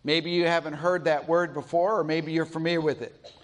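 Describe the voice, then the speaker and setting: A middle-aged man from Colorado preaching a sermon in a church, telling stories slowly and deliberately with pauses. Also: a little high, level tone. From Colorado, USA. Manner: storytelling, slow and deliberate with pauses. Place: church sanctuary.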